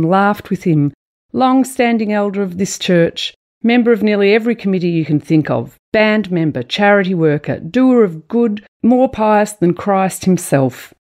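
A middle-aged woman telling a personal memoir in a measured, intimate storytelling manner. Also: on the low side, darkish tone. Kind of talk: spoken memoir reading.

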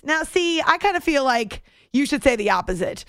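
A woman hosting late-night sports radio, talking in a chatty, quick way with frequent laughs and asides. Her voice sits a little high. The studio sound is dry and close. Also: lively intonation, a bit bright, no room sound. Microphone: studio microphone.

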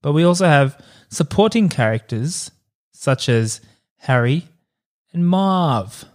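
A podcast co-host with a mid-range voice chats casually, animated and a little slow, saying he is hungover. He jokes and rambles, full of fillers and laughs.

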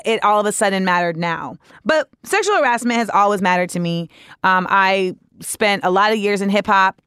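A woman's voice: mid-range voice, expressive, fairly quick, a bit bright, smooth, no room sound, studio quality. A woman hosting a podcast, talking alone in a candid, opinionated way, with frank swearing and joking asides. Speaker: podcast host. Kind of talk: casual solo monologue.

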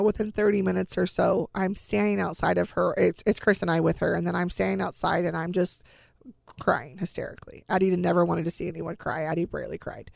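A middle-aged woman earnestly telling her family's story, pausing and restarting as she relives each scene in quoted dialogue. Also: on the low side, vocal fry, a little mellow, dry recording, clean studio sound. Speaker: guest sharing a family story. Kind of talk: emotional personal storytelling.

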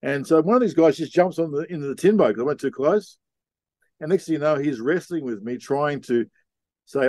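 A middle-aged man, telling a story in a relaxed, rambling way with slang, as a podcast guest. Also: on the high side, a little fast, dry recording. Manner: laid-back, rambling, with Aussie slang. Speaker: podcast guest, sea captain. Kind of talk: casual storytelling.

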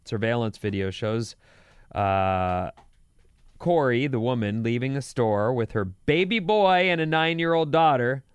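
A man co-hosting a talk show, bantering and reading out news items with a dry, sarcastic wit. His voice is smooth and resonant. The sound is close and dry, as from a studio mic. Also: mid-range voice, lively intonation, a little slow, dry recording. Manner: wry, sarcastic. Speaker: radio show co-host.

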